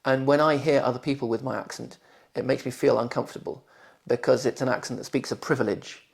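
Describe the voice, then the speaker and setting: A man's voice: medium pitch, steady tone, fast talker. A man in his forties from London with a posh southern English accent, carefully pronouncing every word as he reads test sentences and answers interview questions. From London, England. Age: 40s. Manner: careful, clearly pronounced speech. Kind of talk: reading test passages, then interview answers.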